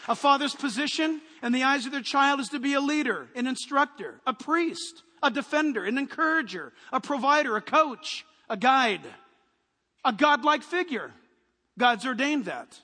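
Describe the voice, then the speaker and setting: A man preaching a sermon as a pastor, forceful and punchy, with quick lists and asides. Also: very high voice, lively intonation, long reverb tail.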